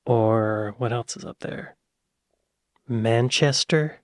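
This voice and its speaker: American guy reacting to clips, talks his guesses out loud, gets excited, dry close sound. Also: medium pitch, slow pace, no echo. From United States. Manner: thinks aloud, excitable bursts. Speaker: reaction video host. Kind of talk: casual reaction commentary.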